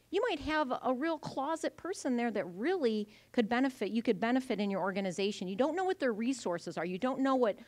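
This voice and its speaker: Woman in her forties, keynote-style workshop talk, bright and expressive, acts out anecdotes, close dry mic. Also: sits high, no echo. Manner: animated storytelling, acting out voices. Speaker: conference speaker. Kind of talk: lively conference presentation. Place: event venue.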